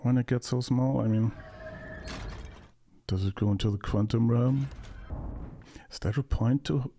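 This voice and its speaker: A man's voice: mid-range voice, unhurried, dark tone, a little hiss or hum. Male movie reactor, casual, sarcastic and mocking. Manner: sarcastic, mocking, bursts of laughter.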